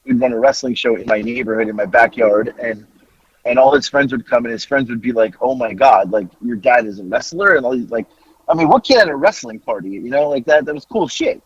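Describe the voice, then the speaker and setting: A man in his forties, a podcast co-host, telling a story in casual chat and acting out the quotes with big jumps in pitch. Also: a little fast, husky, no echo. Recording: dull lo-fi audio.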